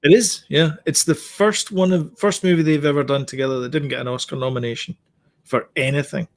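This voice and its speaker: A man's voice: on the high side, steady tone, a little fast. Blunt opinionated man chatting. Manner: opinionated, blunt, hesitant with many fillers. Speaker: podcast co-host. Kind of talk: casual chat.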